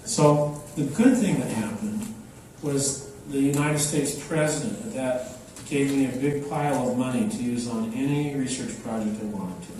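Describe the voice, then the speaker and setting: An older man giving an unhurried, anecdotal talk to an audience, with many fillers, recorded from afar in a large echoey hall. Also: mid-range voice, warm tone, recorded from a distance, slight background noise. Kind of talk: public talk. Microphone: microphone, then unamplified.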